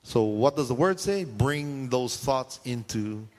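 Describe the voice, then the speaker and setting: Animated male preacher in a reverberant church. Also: mid-range voice, slow. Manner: animated preaching, acting out shouted voices, rhetorical questions to the congregation. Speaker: pastor. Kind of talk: sermon. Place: church sanctuary. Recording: long hall reverb in a church.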